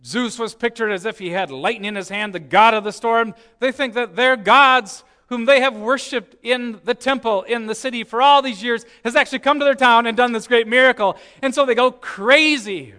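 High, bright-voiced male preacher. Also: normal speed, hardly any pauses, clear, resonant tone. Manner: storytelling, swings from hushed to emphatic. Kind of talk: sermon.

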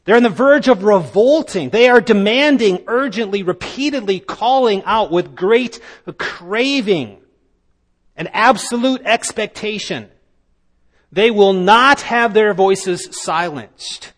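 A man preaching a sermon, emphatic and building to loud declamation. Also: sits high, expressive, takes it slowly. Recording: long reverb of a large hall.

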